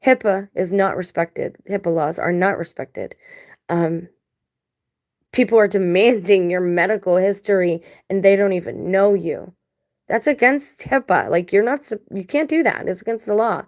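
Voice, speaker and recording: A woman's voice: mid-range voice, moderate pace. A woman vlogging casual commentary to her viewers, blunt and emphatic, talking straight to the audience. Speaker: video blogger.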